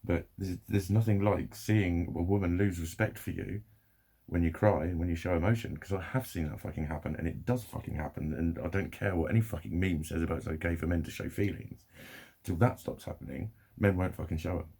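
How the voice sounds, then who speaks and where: A man's voice: low-pitched, steady tone, fairly quick, vocal fry, warm tone, slightly rough. A young man ranting to camera in a sweary, rambling, heated way. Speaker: vlogger.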